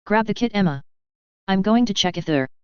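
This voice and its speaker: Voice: medium pitch, lively intonation, brisk, a little mellow, clean tone, no echo, lightly acted. A reader voicing a tough former soldier, a man who curses and speaks tensely under attack, on a slightly dull recording. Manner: cursing, tense.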